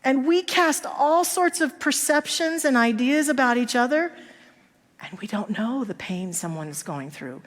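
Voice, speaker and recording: In the reverberant space of a church sanctuary, a woman minister takes her time, her high voice full of lively intonation. She shapes the sermon around stories, giving each person in them their own acted-out voice.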